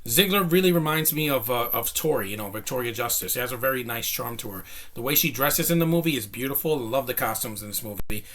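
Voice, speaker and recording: A man's voice: medium pitch, quick pace, fairly bright tone. A young man giving a casual, rambling movie review, enthusiastic and a bit out of breath, with lots of fillers and restarts. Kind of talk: casual spoken film review.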